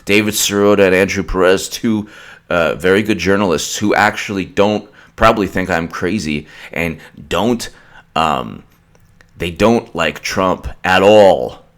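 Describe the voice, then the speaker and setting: Man, very deep voice, political commentary, ranting, mocking, repetitive restarts. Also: measured pace, fairly bright tone.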